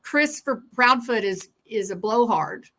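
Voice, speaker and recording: A woman hosting a true-crime livestream in a loose, casual chat. She drawls slowly with a bright, forceful tone. Her talk rambles into sarcastic asides between viewer comments. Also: on the high side, animated.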